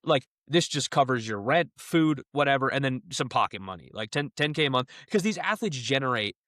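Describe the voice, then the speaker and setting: A young man co-hosting a podcast in casual chat, animated and quick to laugh. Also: mid-range voice, no echo, studio quality. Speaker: podcast co-host.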